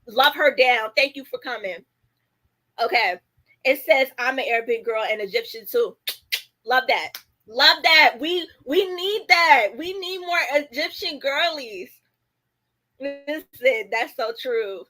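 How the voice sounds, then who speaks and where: Bright-voiced woman chatting on a livestream. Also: high voice, a little slow, poor audio. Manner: animated, reads viewer comments aloud; chatty, lots of fillers. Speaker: livestream host. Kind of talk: casual livestream chat.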